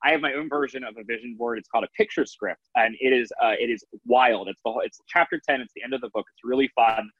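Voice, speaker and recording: A man's voice: mid-range voice, steady tone, quick pace, hardly any pauses, slightly rough, no room sound. Guy in his 30s rambling about his coaching, lots of restarts, muffled dry audio. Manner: rambling, many restarts and fillers. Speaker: author and manifesting coach. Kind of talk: casual interview talk.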